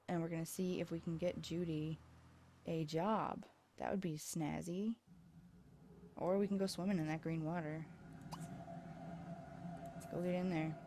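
A woman's voice: fairly low pitch, mellow, a little hiss or hum. A woman casually commenting on her life-sim gameplay, tired and chatty, rambling and self-deprecating, recorded on a USB microphone. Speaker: let's play host.

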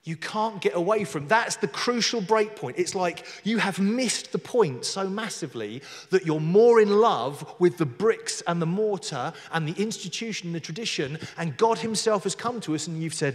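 A man's voice: high voice, expressive, normal speed, few pauses. A man preaching a sermon in a conversational way, with jokey asides, reading scripture aloud with emphasis. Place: church hall. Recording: long hall reverb.

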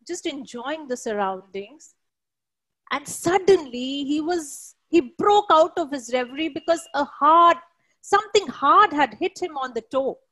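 High-voiced woman telling a folktale. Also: a bit bright, no room sound, rough recording. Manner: descriptive, unhurried, with hesitant fillers. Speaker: storyteller. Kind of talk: oral folktale storytelling.

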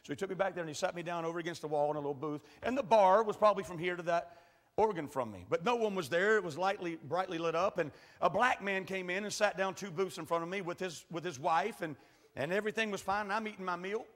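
A high-voiced man preaching in a church with long reverb. His tone is bright and forceful. He tells a folksy story that moves from quiet asides to shouted passages. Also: quick pace. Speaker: pastor. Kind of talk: sermon storytelling. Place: large church hall. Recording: echoey church hall.

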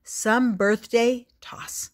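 A woman's voice: on the high side, fairly even intonation, very slow, pitched above the performer's own voice. An older woman voicing a spirited seven-year-old boy in a storybook reading. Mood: eager.

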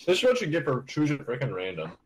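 A man's voice: medium pitch, huge pitch swings, fast, breathy edge, rough recording. A man in casual chat with friends while playing a game, playful and teasing. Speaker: gamer.

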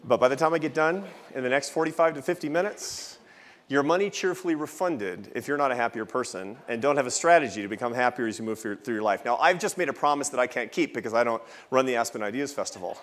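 A man's voice: mid-range voice, fast, a bit bright. A man in his fifties giving a keynote talk at a festival, telling a personal story with wry asides. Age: 50s. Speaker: think-tank president giving a festival talk. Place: large event hall with an audience.

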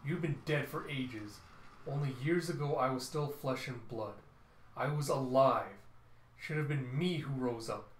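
A man's voice: medium pitch, roomy sound, slight background noise, natural voice, poor audio. A man doing a bitter ghost witch. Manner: slow and resentful. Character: bitter dead witch, ghost of an old woman.

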